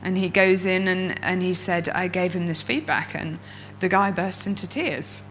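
This woman's voice sits on the low side at a moderate pace as she presents to a room of coaches, being one herself. Expressive stories and acted-out inner voices mark her talk, and the audio is poor, with slight hiss or hum.

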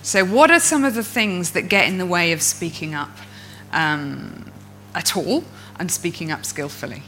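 A woman coach speaks to a room of fellow coaches in a bright, ringing voice that sits slightly low in pitch. She tells stories with expressive energy and brings the inner voices she describes to life. Faint music plays in the background. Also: unhurried, rough recording. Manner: expressive storyteller who acts out inner voices. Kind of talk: presentation to an audience of coaches.

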